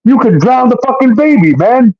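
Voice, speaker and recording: A man's voice: very high-pitched, very animated, moderate pace. A man telling a personal story in a heated, casual way, acting out what others said and swearing often. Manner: heated, swearing, acts out quotes. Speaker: guest telling his story. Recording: dull lo-fi sound.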